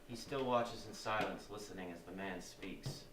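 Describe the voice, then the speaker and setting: A man's voice: fairly low pitch, moderate pace, recorded from a distance. Male narrator for stage directions; roomy, echoey live-reading sound with faint background noise. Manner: steady, descriptive reading.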